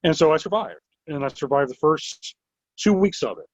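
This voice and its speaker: Animated man telling stories over a dull, dry line. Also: fairly high pitch, moderate pace, no echo. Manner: animated, rambling, many "like" fillers. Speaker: wrestling promotion owner. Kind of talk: casual storytelling interview. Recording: dull lo-fi recording.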